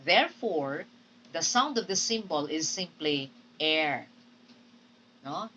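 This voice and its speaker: A woman with a lowish yet bright, forceful voice teaches pronunciation at a very slow, careful pace. She models example words and keeps checking in with her listeners. She is heard from a distance from the mic, with faint noise behind her. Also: expressive. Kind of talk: recorded phonetics lesson.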